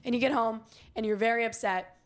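Casting: young woman, higher voice, animated storyteller who performs every quoted line. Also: fairly quick. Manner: dramatic storytelling, acts out quoted dialogue. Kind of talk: casual group chat.

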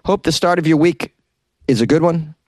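A man's voice: a little high, moderate pace, darkish tone, dry recording. A man hosting a comedic news podcast, chatty and joking with wry asides. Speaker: podcast host.

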